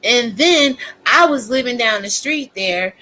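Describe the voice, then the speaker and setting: A woman's voice: a little high, animated, a little slow, sharp tone, slight background noise, low-quality recording. A woman content creator ranting casually to her viewers, blunt, profane and preachy.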